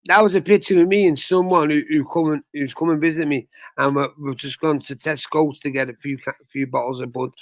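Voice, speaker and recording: High-voiced rambling man, dry sound. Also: fairly even intonation, a little fast, no echo. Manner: rambling, repeats himself, "you know what I mean". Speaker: livestream co-host. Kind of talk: casual livestream chat.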